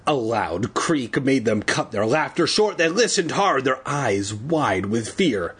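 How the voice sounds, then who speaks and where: A man reads a spooky children's book aloud in a husky voice with a lively, swooping pitch. He keeps the telling playful and irreverent. He often breaks off into joking wisecracks. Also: slow pace. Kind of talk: comic read-aloud with crude asides.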